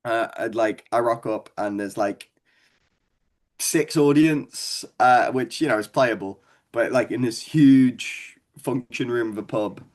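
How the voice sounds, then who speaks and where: In a mid-range voice, a young man with a Scouse accent takes it slowly as he spins rambling, sweary stories, laughing along as a stand-up comedian guest in a relaxed storytelling chat.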